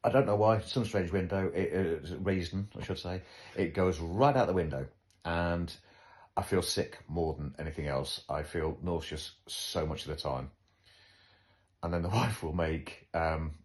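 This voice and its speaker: A man hosting a podcast, chatting casually in a wry, joking, self-deprecating way. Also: low voice. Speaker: podcast host. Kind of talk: casual chat.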